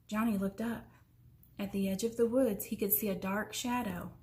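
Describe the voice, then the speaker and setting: A woman reading a children's story aloud in an expressive way, slowing down for suspense. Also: medium pitch. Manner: expressive, slows down for suspense, sometimes drops to a whisper.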